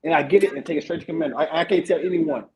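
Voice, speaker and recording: A man hosting a casual veterans' podcast, telling army stories in a profane, animated way with lots of repeated fillers. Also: a little high, rapid-fire, lo-fi sound. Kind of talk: casual chat.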